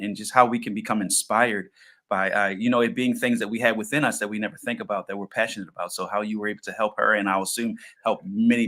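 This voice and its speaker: A man's voice: lowish voice, a bit bright. A man co-hosting an interview, effusive and encouraging, often repeating himself. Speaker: co-host. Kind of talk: podcast interview.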